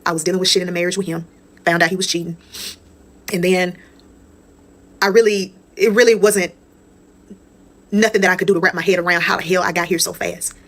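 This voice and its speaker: A woman's voice: on the low side, steady tone, fairly quick, long pauses, fairly bright tone. A young woman telling a personal story to her viewers in a candid, casual, profane way. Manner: candid, profane, conversational, addresses viewers as y'all.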